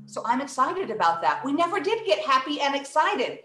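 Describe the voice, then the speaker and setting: A woman's voice: sits high, very animated, moderate pace, few pauses, fairly bright tone, roomy sound. A woman teaching an English workshop, speaking expressively and acting out emotions and word stress. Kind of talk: online English lesson for children.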